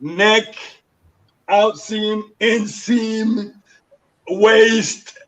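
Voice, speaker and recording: A man's voice: high voice, fairly even intonation, extremely slow, fairly bright tone. A man in his sixties from Panama, a guest telling his life story in an interview and acting out the voices of the people in it. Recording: dull lo-fi sound.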